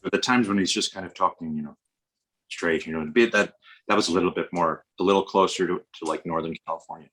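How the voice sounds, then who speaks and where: American actor guest, casual and rambling, bright forceful voice. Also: male voice, low-pitched, fast talker, low-quality recording. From Westchester, New York, US. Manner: digressive, many restarts. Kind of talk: casual podcast conversation.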